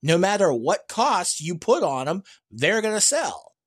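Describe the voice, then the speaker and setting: His voice sits high with a breathy edge and moves a little slowly. An EV news vlogger, he rambles casually and opinionatedly about electric cars, restarting often, using many fillers and breaking into emphatic, animated rants.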